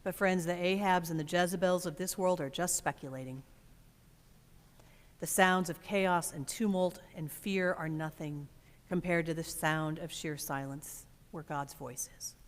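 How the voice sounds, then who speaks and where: A woman pastor delivers a thoughtful, expressive sermon, pausing for weight. Her voice sits on the low side. It rings out with the long reverb of a church sanctuary. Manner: reflective, expressive preaching with dramatic pauses.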